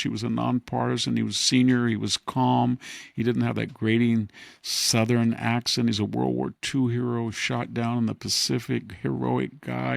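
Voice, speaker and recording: Gravelly, sarcastic male podcast host. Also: medium pitch, steady tone, unhurried, no echo, clean studio sound. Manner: sarcastic, wry, laughs at his own jabs. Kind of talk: casual political commentary chat.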